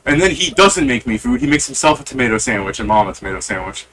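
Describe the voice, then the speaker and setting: A man's voice: medium pitch, animated, fast, fairly bright tone, a little hiss or hum. A man in casual pregame chat with his gaming group, venting in an irritated, swearing rant and acting out both sides of an argument. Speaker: player in a tabletop game group.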